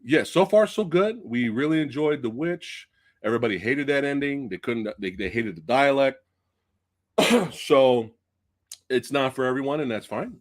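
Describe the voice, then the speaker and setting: A man hosting a live-stream movie review show, chatting casually with viewers, excitable and swearing freely. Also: mid-range voice. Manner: chatty, addresses viewers directly.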